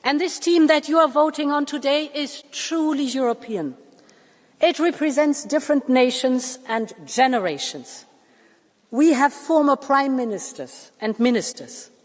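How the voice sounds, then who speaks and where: A woman in her sixties giving a formal speech to a parliament, measured and emphatic, with deliberate pauses. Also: sits high. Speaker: Commission president addressing parliament. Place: large parliament chamber. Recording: long reverb of a large hall.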